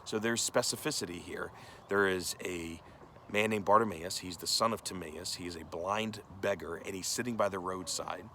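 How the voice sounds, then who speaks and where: A man's voice: low voice, normal speed, sharp tone, a little hiss or hum. A male pastor giving a conversational sermon, earnest and direct, often asking the listeners questions.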